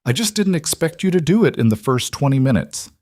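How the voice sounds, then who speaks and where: A man voicing a reserved male mafia boss who speaks quietly and in clipped lines. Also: fairly high pitch, expressive, a little fast, no echo, voice pushed up, close to an everyday voice. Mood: dry.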